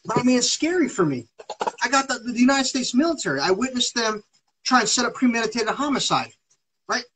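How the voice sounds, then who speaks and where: A man's voice: very high-pitched, very animated, brisk, background noise. A man talking on a live stream in an agitated, rambling monologue, swearing heavily. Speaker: livestreamer.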